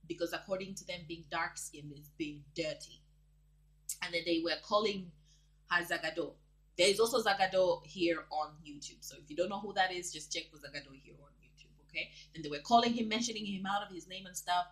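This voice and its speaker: A young woman from Zambia with a bright, forceful voice, giving casual gossip commentary. She talks in an animated, dramatic way and laughs often. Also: fairly low pitch, a little fast, poor audio. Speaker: vlogger.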